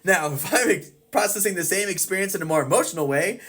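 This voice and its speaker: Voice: medium pitch, expressive, fast, fairly bright tone, slightly rough. A therapist explaining a psychology topic with everyday examples, acting out the thoughts of the people in them. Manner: acts out people's inner thoughts. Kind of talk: educational explainer video.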